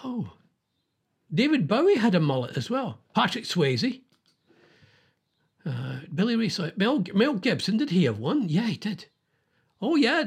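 A man with a slightly husky, fairly high voice hosts a casual chat. He rambles and thinks aloud, chuckling between stories.

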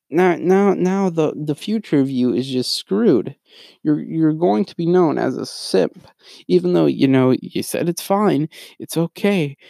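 This young podcast co-host has a slightly high, slightly mellow voice with vocal fry, recorded cleanly in a studio without echo. His casual rant rambles, sidetracks, and often restarts mid-sentence.

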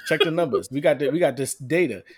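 A man with a somewhat high voice co-hosts a casual podcast chat. He trash-talks with brash, boastful swagger. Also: animated, fast talker, husky. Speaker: podcast co-host.

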